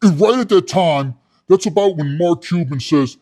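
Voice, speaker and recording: A man's voice: fairly high pitch, normal speed, warm tone. A man telling a comic story in a rambling way, with stumbling restarts. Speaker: comedy storyteller.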